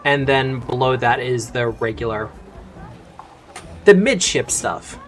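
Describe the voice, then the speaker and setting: A man running a tabletop game as game master, calmly walking players through the rules with plenty of fillers. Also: medium pitch, slow, slight background noise. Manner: easygoing, explains rules step by step with fillers.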